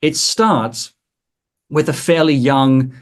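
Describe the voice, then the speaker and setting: A man's voice: mid-range voice, slow pace. A man hosting a podcast, asking playful, teasing questions. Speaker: podcast host. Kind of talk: casual podcast interview.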